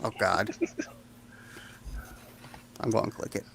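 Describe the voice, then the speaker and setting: A man's voice: lowish voice, fairly even intonation, slow, gravelly, a bit bright, slightly rough. A man bantering on a stream, mocking and laughing at his own jokes. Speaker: stream guest.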